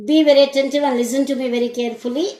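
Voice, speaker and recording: A woman with an Indian English accent teaching an English lesson, speaking slowly and deliberately and asking her students questions. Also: sits high, steady tone, warm tone, reverberant, poor audio. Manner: slow, deliberate, asks the class questions. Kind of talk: classroom lesson recording.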